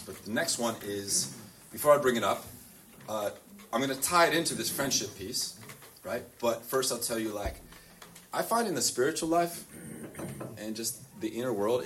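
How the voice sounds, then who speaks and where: A man's voice: fairly low pitch, fairly bright tone, far from the mic. Man, priest, informal youth talk, lots of "like" fillers, laughs a lot, faint background noise. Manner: chatty, full of "like" fillers, laughs often. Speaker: priest and school chaplain. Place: boys' school in the US South.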